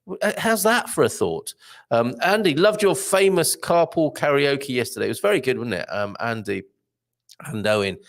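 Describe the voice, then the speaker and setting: A man hosting a casual live stream, reading viewer comments aloud in a chatty, rambling way with lots of fillers. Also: normal speed. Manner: chatty, rambling, lively pitch, many fillers.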